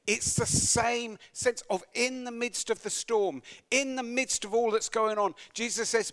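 Man, preacher, sermon, slightly high voice, conversational, wry asides. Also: normal speed, few pauses, fairly bright tone. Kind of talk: sermon with scripture reading.

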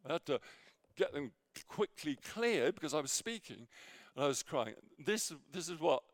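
A man preaching a sermon with a personal story, halting with many fillers and restarts, sometimes dropping to near a whisper. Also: a little high, expressive, gravelly, dry recording, studio quality. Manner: drops to near whisper in quiet moments.

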